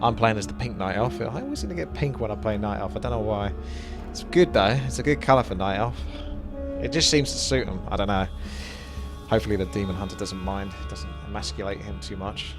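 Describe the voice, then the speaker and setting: A man's voice: on the low side, fairly quick, music in the background. A man giving casual, chatty game commentary, thinking aloud as he plays. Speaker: gameplay commentator.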